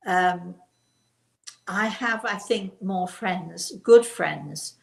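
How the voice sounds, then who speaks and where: This older woman talks in a relaxed, chatty way, hosting and teaching, and she leans hard on the words that matter. Her voice has a gravelly edge. It carries a roomy echo. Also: on the low side, extremely slow. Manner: emphatic on key words, warm chatty restarts. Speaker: host and spiritual teacher. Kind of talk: live-stream chat and teaching.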